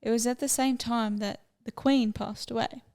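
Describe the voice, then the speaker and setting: A young woman co-hosts a podcast in a loose, chatty way, drifting from one topic to another. Her voice sits a little high and carries a steady gravelly fry. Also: normal speed. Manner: chatty, rambling, easily sidetracked. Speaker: podcast co-host. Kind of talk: casual chat.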